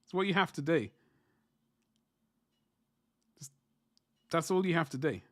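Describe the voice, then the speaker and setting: A man's voice: on the high side, lively intonation, a little fast, no room sound, clean studio sound. A man in his forties chatting casually on a livestream while painting miniatures, rambling and self-deprecating as he answers chat. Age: 40s.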